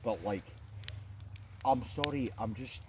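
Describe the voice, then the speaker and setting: A Scottish man in a casual chat, ranting in an animated, sweary and mocking way. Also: mid-range voice, slow, background noise. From Scotland.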